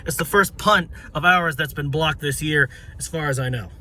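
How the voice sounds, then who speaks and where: A young man ranting about football, excitable and profane, shouting and stumbling over his words. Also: a little high, moderate pace, slight background noise. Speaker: sports fan vlogger. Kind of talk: ranting fan commentary.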